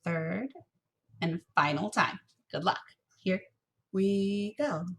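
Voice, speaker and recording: A young adult woman teaches a children's music lesson from her home office, speaking playfully and encouragingly into a computer mic. She chants rhythm syllables clearly with a teacherly cadence, her mid-range voice slow and fairly bright.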